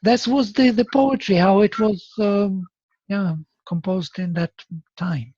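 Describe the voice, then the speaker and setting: Slow, halting man teaching verse. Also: sits high, mellow, no room sound. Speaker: Sanskrit teacher. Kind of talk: seminar lecture with recitation. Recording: dull, dry lo-fi recording.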